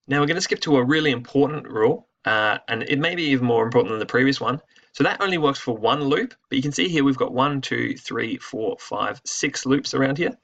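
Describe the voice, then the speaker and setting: A man's voice: medium pitch, a bit bright. A man teaching a physics lesson over slides in a casual, explanatory way, thinking aloud with fillers and restarts. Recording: muffled lo-fi voice recording.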